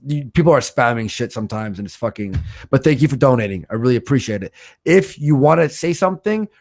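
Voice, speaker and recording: A man hosting a livestream, reading out donations in blunt, swear-heavy casual chat, with a stutter and a voice roughened by smoking. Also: mid-range voice. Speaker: livestream host.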